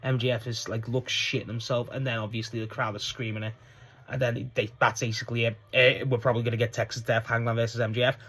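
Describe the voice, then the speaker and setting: A man's voice: mid-range voice, level tone, quick pace, a bit bright, slightly rough. A man giving a casual spoken review of a wrestling show, rambling with lots of fillers and swearing. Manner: rambling, profane, frequent restarts and fillers.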